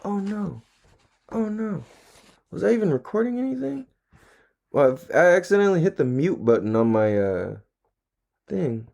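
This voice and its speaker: A man's voice: sits high, sing-song, normal speed, creaky, pauses often, a little mellow. Laid-back, profane male podcast host. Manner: laid-back, slangy and profane, laughs often. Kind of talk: casual solo podcast chat.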